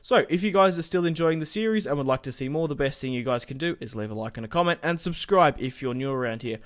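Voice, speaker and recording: A man's voice: fairly high pitch, lively intonation, quick pace. A young man, chatting casually through a strategy game, rambling, swearing lightly and laughing at himself. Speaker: gaming YouTuber. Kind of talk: casual gameplay commentary.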